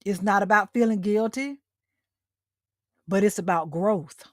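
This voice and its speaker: A woman's voice: medium pitch, a little slow, dry recording, studio quality. A middle-aged woman hosting a motivational livestream talk, speaking directly to her listeners and repeating her key lines for emphasis. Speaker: host.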